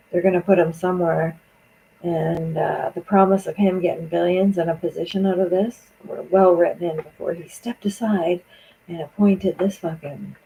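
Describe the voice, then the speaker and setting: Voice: medium pitch, vocal fry, mellow, slight background noise, low-quality recording. A speaker, angrily venting in a profane political monologue on a stream. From Canada.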